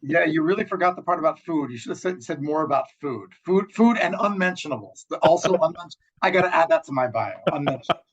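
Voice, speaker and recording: A man's voice: fairly high pitch, animated, quick pace, muffled recording, a crowd in the background. A man from Philadelphia, a lawyer guest on a radio show, joking about himself and hesitating with fillers as he begins his story. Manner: self-deprecating humor, hesitant with fillers. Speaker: intellectual property lawyer, guest.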